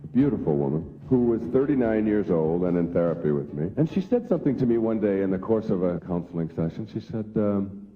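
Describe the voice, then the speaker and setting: Male speaker, lively pitch, jokey storytelling lecture, phone-thin recording in a long-echo hall. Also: a little fast, breathy edge. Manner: storytelling, acts out quoted voices. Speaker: self-help speaker. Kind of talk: humorous lecture to a live audience. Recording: tinny phone-like sound in a big hall.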